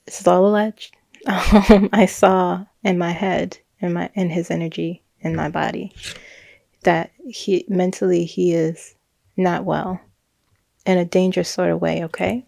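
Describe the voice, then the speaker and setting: A woman's voice: on the low side, level tone, measured pace, gravelly, darkish tone, no echo. Chatty woman in a dry, close recording. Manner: chatty, laughs often, rambling restarts. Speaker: psychic reader. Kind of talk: casual monologue recounting a reading.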